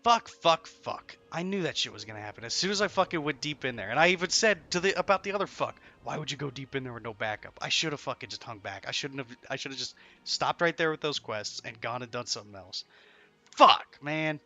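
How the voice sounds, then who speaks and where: A man's voice: fairly high pitch, lively intonation, brisk, bright, forceful tone. A young man streaming a game from his room at home, ranting and swearing to his chat in frustration. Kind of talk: frustrated live-stream commentary.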